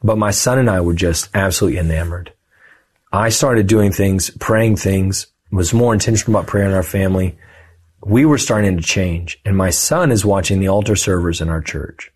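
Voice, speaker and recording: A man in his thirties talks through a personal story as a podcast guest. His voice sits low and has a husky edge. He keeps it casual and animated, slipping into the voices of the people he quotes. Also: normal speed. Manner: animated, lively storyteller who acts out quoted dialogue. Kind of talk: conversational storytelling.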